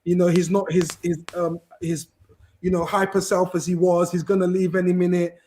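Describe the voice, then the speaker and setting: Animated high-voiced man chatting football. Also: moderate pace, a little hiss or hum. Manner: rambling, animated, many restarts and fillers. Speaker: podcast guest, football fan. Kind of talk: casual chat.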